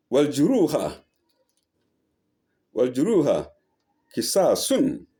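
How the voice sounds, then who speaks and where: A man gives a verse-by-verse scripture lesson. He recites each line and then translates it slowly, correcting himself and asking "eh?" as he goes. His pitch leaps up and drops widely, and his tone is dark and relaxed. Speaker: Quran teacher.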